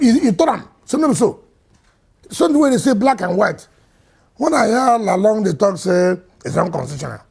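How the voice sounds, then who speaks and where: A man with a Nigerian accent, a state governor answering interview questions emphatically, swinging between loud and quiet. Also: fairly high pitch, creaky, husky.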